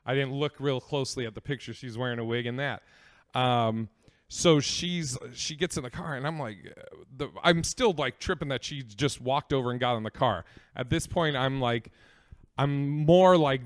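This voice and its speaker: A man's voice: mid-range voice, moderate pace, clean tone, no echo, studio quality. A young man hosting a podcast, telling a story in a rambling, profane way with lots of fillers. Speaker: podcast host. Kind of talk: comedic storytelling.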